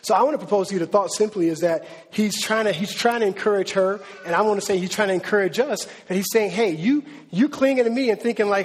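A man preaching a sermon as a pastor, in a conversational, animated style with slangy asides. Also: high-pitched, fast talker, husky. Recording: reverberant hall.

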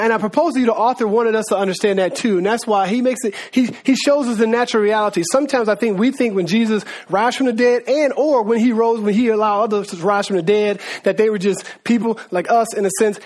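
High-voiced man preaching casually. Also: a little mellow. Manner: informal, slangy, addresses listeners as guys; acts out voices of biblical figures. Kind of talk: conversational Bible teaching.

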